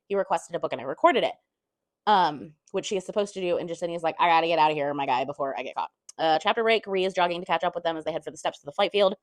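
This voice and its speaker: A woman with a lowish voice, recorded without echo, chattily recaps a book chapter by chapter. She tosses in blunt, sweary asides and half-performs the characters' lines.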